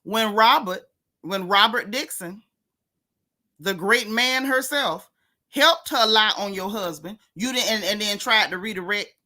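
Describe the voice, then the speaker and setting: A woman's voice: mid-range voice, measured pace, sharp tone. A woman hosting a casual gossip livestream, sassy and mocking as she talks straight to her viewers. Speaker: host of a gossip channel.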